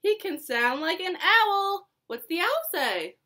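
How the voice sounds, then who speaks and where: Slow singsong woman teaching toddlers. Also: very high voice, big pitch swings, pushed and bright. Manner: singsong, encouraging, slow and exaggerated for kids. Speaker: preschool teacher. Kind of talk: online circle time for young children. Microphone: phone or camera held close, adjusted mid-video.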